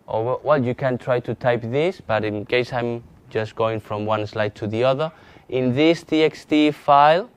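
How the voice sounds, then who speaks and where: A man with a Spanish accent teaching a live software training lesson, halting often with restarts and fillers as he demonstrates on screen. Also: medium pitch, clear, resonant tone. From Spain. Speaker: GIS instructor.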